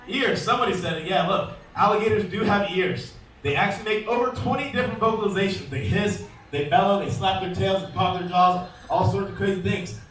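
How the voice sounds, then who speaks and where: A man presenting a live alligator show, joking with and quizzing the crowd and calling out loudly to them. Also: sits high. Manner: calls out loudly to the audience. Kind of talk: live comedic animal demonstration. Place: outdoor show arena. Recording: echoey, distant outdoor recording with faint noise.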